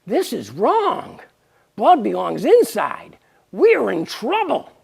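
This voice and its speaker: A woman doing Adman, a gravelly blustering man. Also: on the high side, wildly swooping pitch, slow pace, darkish tone, voice pushed up, full character voice. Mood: alarmed. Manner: boastful, blunt.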